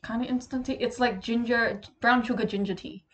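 A woman's voice: a little high, steady tone, fairly quick. A young woman from England co-hosting a casual podcast, blunt and sweary, laughing often as she chats with a friend. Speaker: podcast co-host. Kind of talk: casual chat.

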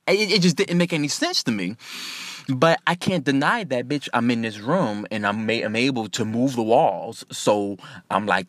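A man tells a personal story in a loud, profane and emphatic way. His voice is bright and sharp, with lively swings in pitch, and it sits a bit high for a man. The sound is dry and close. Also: moderate pace, no echo. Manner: profane, animated, indignant and emphatic.

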